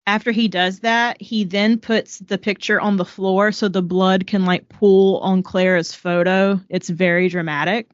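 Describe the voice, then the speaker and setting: A woman's voice: mid-range voice, fairly even intonation, unhurried, few pauses, no echo, lo-fi sound. A woman with a Southern accent co-hosting a podcast, casually retelling a biography with frequent fillers. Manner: storytelling, with many "um"s and book quotes. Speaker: podcast co-host. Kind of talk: casual chat, summarizing a book.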